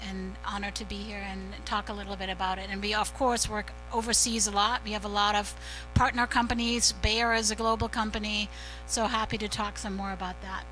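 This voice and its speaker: A woman's voice: medium pitch, fairly bright tone, rough recording. A woman giving upbeat panel remarks at a business forum, with frequent fillers. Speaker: pharmaceutical company panel speaker.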